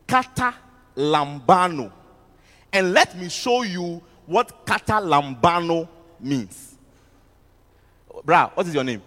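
A man preaching a sermon to students, animated, repeating words and asking the audience questions. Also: high-pitched, takes it slowly, pauses often. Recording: music underneath, long hall reverb.

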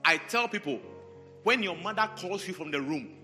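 A man preaching a sermon, animated and repetitive, calling on members of the congregation by name. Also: high voice, moderate pace. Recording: large hall reverb, faint music.

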